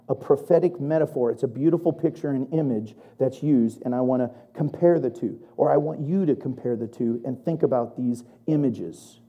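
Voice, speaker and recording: A preacher giving a sermon, animated and chatty, laughing often and building to loud emphasis. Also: medium pitch, highs cut off. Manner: chatty asides to the congregation.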